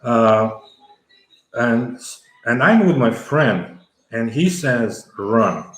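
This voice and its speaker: A man's voice: medium pitch, lively intonation, very slow. A middle-aged man from the former Soviet Union, telling a long story as an interview guest, with many fillers and restarts. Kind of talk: conversational storytelling. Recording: echoey room.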